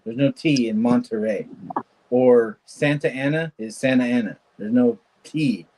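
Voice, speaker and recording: A Californian man hosts a casual livestream, trading jokey stories and laughing often. His voice sits at an ordinary middle pitch. He keeps the chat loose and rambling. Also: unhurried, mellow, a little hiss or hum, low-quality recording. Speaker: livestream host. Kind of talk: casual chat while wrenching.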